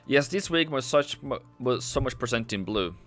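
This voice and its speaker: Lively intonation and a fairly bright, mid-range voice mark this forex livestream host, who speaks at a moderate pace. He gives casual live market commentary, thinking aloud over charts and reading chat, in dry close audio with faint music playing.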